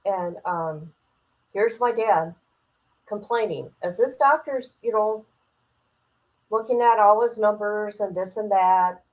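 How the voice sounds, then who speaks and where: A woman's voice: mid-range voice, takes it slowly, long pauses, highs cut off. Blunt, profane woman venting. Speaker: streamer. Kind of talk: casual livestream chat.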